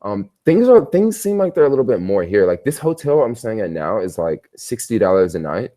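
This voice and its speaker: A man's voice: on the low side, big pitch swings, a little fast, dark tone. A man chatting casually on a livestream from his hotel bedroom, telling stories in a rambling, slangy way. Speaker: travel vlogger.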